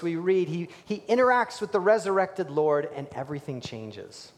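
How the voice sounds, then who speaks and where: A male pastor preaching a sermon, animated, swinging between loud emphasis and hushed, near-whispered lines. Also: a little high, normal speed, hardly any pauses, in a large hall.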